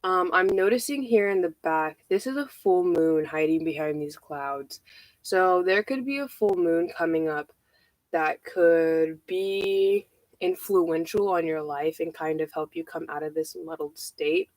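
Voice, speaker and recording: A woman giving a casual tarot reading, out of breath, halting and repeating herself with many fillers. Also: fairly low pitch, darkish tone, no echo, poor audio. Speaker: tarot reader.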